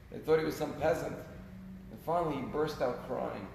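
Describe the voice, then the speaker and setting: A man's voice: on the high side, normal speed, vocal fry, a little mellow. Rabbi guy preaching, earnest storyteller, big echo in the room, bit of hiss. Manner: earnest storytelling preacher, rising and falling in volume. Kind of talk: sermon. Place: synagogue sanctuary. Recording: echoey sanctuary with long reverb, faint noise.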